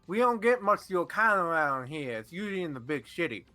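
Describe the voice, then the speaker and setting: A man voicing a friendly small-town shopkeeper who speaks slowly and neighborly. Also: a little high, sing-song, sharp tone, faint music behind. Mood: welcoming.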